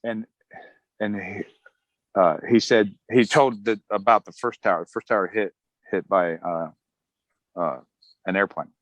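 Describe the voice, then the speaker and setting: Man, middle-aged, army veteran, casual storytelling, lowish voice, dry close sound. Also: unhurried, long pauses, no room sound, rough recording. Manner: relaxed, chuckling, acts out quotes of others. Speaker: Army Ranger veteran telling his story.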